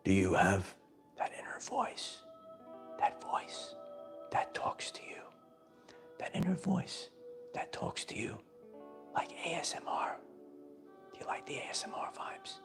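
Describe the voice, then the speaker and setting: A man whispering as a soft, coaxing inner voice in whispered role-play. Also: high-pitched, wildly swooping pitch, unhurried, long pauses, music in the background, voice pushed up, heavily acted. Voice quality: hushed, breathy whisper.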